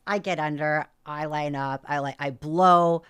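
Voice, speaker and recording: A woman from North America, a podcast guest, telling a story in an animated, casual way and often quoting herself. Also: low voice, unhurried, smooth. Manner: animated, frequent "like" fillers, quotes herself.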